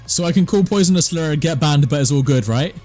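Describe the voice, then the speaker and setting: A man's voice: a little high, animated, a little fast, warm tone, faint music behind. A man from southwest England with a West Country accent, chatting casually on a game stream and answering chat in a laid-back way. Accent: West Country English.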